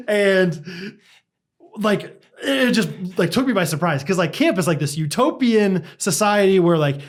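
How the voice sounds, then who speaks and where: A man's voice: high voice, normal speed, heavy background noise. A young adult man co-hosting a podcast, telling a casual story with lots of laughter and "like". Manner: animated, laughing, heavy use of "like". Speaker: podcast co-host.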